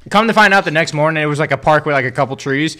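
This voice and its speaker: Bright-voiced young man telling a rambling story. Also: on the high side, rapid-fire, slight background noise. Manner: rambling, profane, laughs through stories. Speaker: podcast co-host. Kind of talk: casual chat, storytelling.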